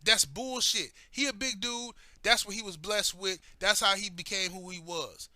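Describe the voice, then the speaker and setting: Male commentary host, high and very bright voice, heated profane rant style. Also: normal speed, dry recording.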